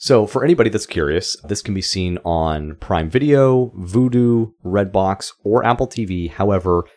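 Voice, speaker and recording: A man with a very low voice co-hosts a relaxed film podcast. He talks in a loose, joking way and laughs often. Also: normal speed. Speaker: podcast co-host. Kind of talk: casual chat.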